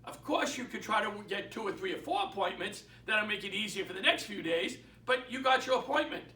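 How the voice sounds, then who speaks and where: A man with a Boston accent gives an emphatic, story-driven motivational talk to realtors. His voice is very high and bright. He is recorded in an echoey room, away from the mic. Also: a little fast, recorded from a distance. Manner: emphatic, storytelling, repeats key points. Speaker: real estate mentor and sales speaker.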